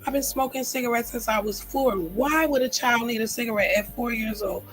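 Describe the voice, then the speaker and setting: A woman's voice: fairly high pitch, brisk, fairly bright tone, faint music behind, rough recording. A middle-aged woman talking heartfelt and earnest on her own livestream, repeating phrases for emphasis. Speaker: livestream host. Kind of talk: emotional personal livestream talk.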